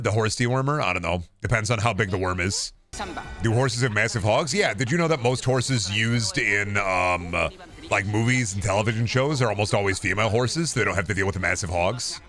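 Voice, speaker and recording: A young man streaming a game, chatting casually, joking loudly and yelling at races. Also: medium pitch. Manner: loud, joking, yells at the game during races. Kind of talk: casual gaming stream chat.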